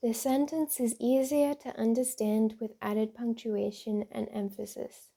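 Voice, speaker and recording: A woman doing a soft-spoken ASMR reading, carefully reading word puzzles and tongue twisters aloud, repeating the tricky lines. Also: on the high side, little pitch movement, unhurried, vocal fry, few pauses. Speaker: ASMR creator.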